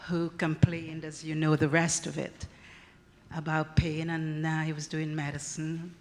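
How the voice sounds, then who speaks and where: Very low-voiced Canadian woman, slow and polite, asking from the floor. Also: monotone, a little mellow. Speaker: audience member asking a question. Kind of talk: audience question. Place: conference hall.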